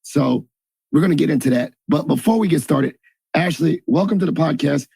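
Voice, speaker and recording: A man's voice: a little high, normal speed, vocal fry, dark tone, slightly rough, no room sound. A man hosting a podcast, chatting loosely and joking as he introduces his guest. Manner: chatty, jokey, loose and rambling. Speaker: podcast host. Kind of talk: casual interview chat.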